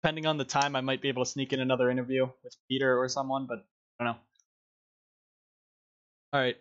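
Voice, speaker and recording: A man's voice: medium pitch, flat delivery, quick pace, fairly bright tone, slight background noise. A man hosts a casual online stream through a headset, laughing often as he rambles along. His voice sits mid-range and comes through dull and lo-fi, like voice chat. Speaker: stream host.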